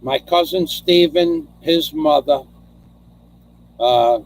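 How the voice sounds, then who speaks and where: A man's voice: on the high side, slow, slight background noise. A middle-aged man hosting a casual chat, telling rambling stories and reading out viewer comments, often repeating himself as he goes.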